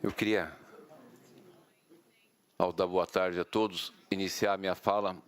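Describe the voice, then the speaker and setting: Deep-voiced man with a Brazilian accent. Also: little pitch movement, normal speed. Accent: Brazilian Portuguese. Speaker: city mayor giving a speech. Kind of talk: formal speech. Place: conference hall.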